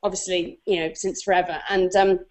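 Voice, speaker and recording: A woman's voice: lowish voice, flat delivery, a little fast, a little mellow. A woman in her forties, a talk show guest, telling a self-deprecating story with many restarts and fillers. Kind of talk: animated anecdote on a talk show.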